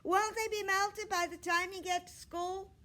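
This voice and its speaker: Loud blunt schoolboy put on by a woman reader, high and forceful. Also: big pitch swings, moderate pace.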